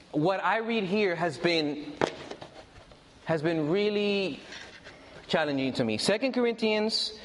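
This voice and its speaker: A man preaching a sermon with a high, very animated voice that rises and falls through every phrase. He talks to the congregation directly, repeating and stressing his key points. The sound carries the long reverb of a large hall.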